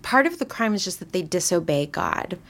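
Young woman guest, chatty storyteller, gravelly, low-ish voice. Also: sing-song, a little fast, fairly bright tone. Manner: chatty, retelling with voiced quotes and frequent likes. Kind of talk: casual storytelling.

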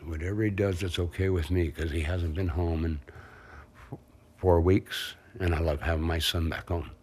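Outdoors around his home and the harbor, a boat owner in his sixties chats candidly as an interviewee, rambling and laughing easily. His low voice is steady, a little mellow, and slightly rough, moving at a moderate pace.

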